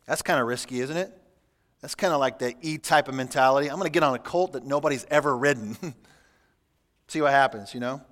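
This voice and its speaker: A man preaching a sermon as pastor, reading scripture aloud and adding relaxed, humorous asides. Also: medium pitch, brisk. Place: church sanctuary. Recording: church hall with long reverb.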